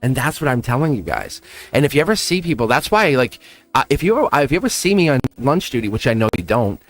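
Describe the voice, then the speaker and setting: A man's voice: medium pitch, very animated, quick pace. A man hosting a tarot reading livestream, talking in a chatty, encouraging way and laughing often. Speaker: tarot reader and livestream host. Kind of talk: casual livestream chat.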